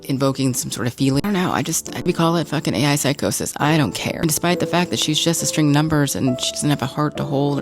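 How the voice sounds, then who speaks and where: A woman talking to camera in a casual, excitable vlog, swearing freely. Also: low-pitched. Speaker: social media creator. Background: music.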